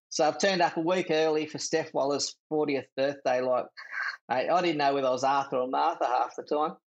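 A man's voice: a little high, gravelly. A middle-aged Australian man, a former jockey, telling rambling stories with laughs in a casual interview. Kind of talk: casual chat.

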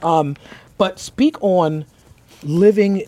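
A New man hosting a relaxed interview, his voice on the higher side. He talks in loose slang and keeps the questions flowing with easy laughter. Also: very slow. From New York. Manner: slangy, talkative, laughs while asking. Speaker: podcast host. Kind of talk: casual interview chat.

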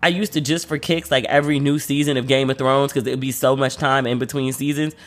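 This male podcast host speaks in a mid-range voice that is steady, quick, and a little bright. Hosting his show solo, he keeps it chatty and full of slang and frequently performs the voices of whoever he's quoting.

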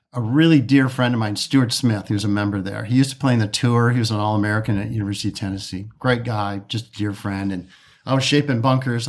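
Rambling man telling stories. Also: mid-range voice. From Detroit area. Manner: rambling, restarts often, acts out quoted dialogue. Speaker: golf course architect guest. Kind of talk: casual interview talk.

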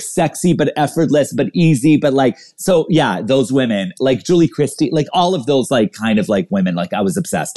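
A man's voice: mid-range voice, a little mellow. A man guesting in a casual chat, rambling and searching for words as he explains. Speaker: guest hairstylist.

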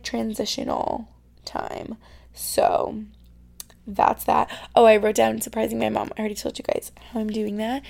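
A young woman in her twenties hosting a casual solo podcast from her bedroom, chatty, full of "like," sometimes dropping to a soft near-whisper. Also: fairly high pitch, vocal fry. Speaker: podcast host.

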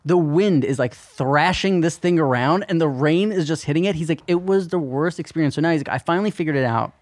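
A man's voice: on the high side, fairly quick, no echo. Man, podcast co-host, rambling storyteller, curses a lot, very dry sound. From New York. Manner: rambling storyteller, swears freely. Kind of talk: casual chat.

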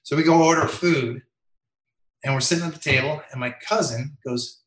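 Male guest, anecdote teller, bright voice, roomy sound. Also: a little high, normal speed. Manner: animated, acts out quotes with raised voice. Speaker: MLB umpire guest. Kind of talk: storytelling in interview.

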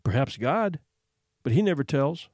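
A man's voice: on the high side, big pitch swings, darkish tone, dry recording, studio quality. Bitter weary mother, as a man reads her. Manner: slow, bitter, sighing replies. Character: bitter, weary adult mother worried about money.

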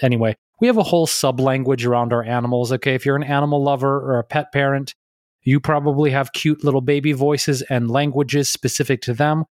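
A man's voice: mid-range voice, fairly even intonation, brisk, dry recording, clean studio sound. Playful man in casual podcast chat. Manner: playful, breaks into silly pet voices. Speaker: podcast co-host. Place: remote call.

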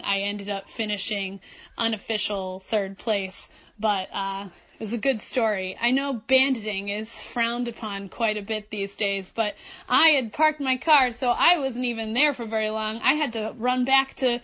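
A woman tells her own running mishap with lively, animated energy, laughing in places. Her voice is bright and fairly high, and the self-recorded clip sounds a little dull and lo-fi. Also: unhurried. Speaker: podcast listener submitting a story. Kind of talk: personal anecdote.

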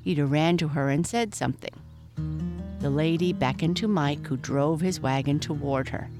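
Low-voiced woman reading a storybook. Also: normal speed. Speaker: narrator. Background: faint guitar music.

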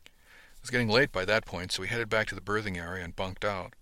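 Bright-voiced man narrating a story. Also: lowish voice, fairly quick, no room sound. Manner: steady storytelling. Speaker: audiobook narrator. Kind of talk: scripted first-person narration.

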